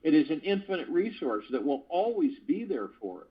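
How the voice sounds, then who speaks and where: Man, spiritual call host, husky voice, earnest reading with playful asides, dull lo-fi phone line. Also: a little high, sing-song, fairly quick. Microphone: phone conference call.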